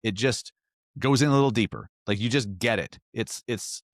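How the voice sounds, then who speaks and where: A man's voice: lowish voice, normal speed, dry recording, clean studio sound. A man hosting a solo podcast, talking earnestly and emphatically with frequent restarts. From Salt Lake area, US. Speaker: podcast host.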